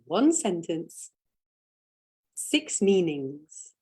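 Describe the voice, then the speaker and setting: A woman giving a spiritual teaching in a slow, deliberate, meditative way, leaning on single words for emphasis. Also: on the low side, very animated, a little mellow, slightly rough.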